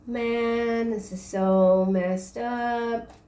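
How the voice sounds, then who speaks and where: A woman giving a casual tarot reading, rambling and halting as she works through the cards. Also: on the high side, fairly even intonation, warm tone, roomy sound, far from the mic. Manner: rambling, halting stream of card interpretations. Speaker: tarot reader.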